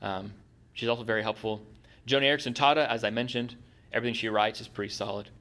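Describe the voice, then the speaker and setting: A man's voice: on the low side, fairly even intonation, quick pace, fairly bright tone. A middle-aged man preaching a sermon in a conversational way, asking the congregation questions. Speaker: pastor.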